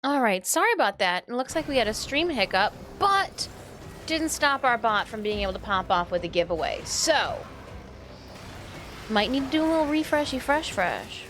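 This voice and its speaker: A woman's voice: fairly high pitch, very animated, normal speed, a bit bright, a little hiss or hum. A woman streaming a game live, chatting in a bubbly, apologetic way with her viewers. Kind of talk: casual live-stream chat.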